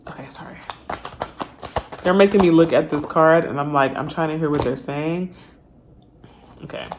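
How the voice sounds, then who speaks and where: A woman's voice: low voice, normal speed, background noise. A woman giving a casual tarot reading straight to her viewers, chatty and full of slang. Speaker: tarot reader.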